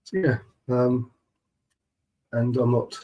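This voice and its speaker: A man hosting a relaxed live stream, chatting with viewers in a laid-back, friendly way. His voice has a husky, grainy texture at a middling pitch. He keeps his talk fairly hushed. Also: slow, low-quality recording. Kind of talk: casual live-stream chat.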